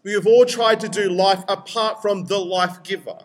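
A young man preaching a sermon in a lively, conversational way, acting out quoted voices. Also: high voice, normal speed. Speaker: pastor.

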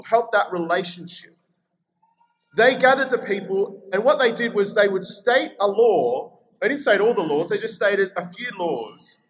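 A man with an Australian accent preaching a sermon in a chatty, energetic way, reading scripture aloud. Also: high-pitched, rough recording. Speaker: pastor.

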